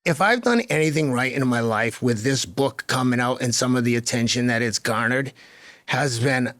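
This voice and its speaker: A man in his fifties, a guest on a podcast, telling stories in a chatty, animated way that grows louder and more fired up. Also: medium pitch, moderate pace, no room sound, studio quality. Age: 50s. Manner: chatty, lots of fillers and restarts. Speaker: podcast guest, marathon runner. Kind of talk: casual interview storytelling.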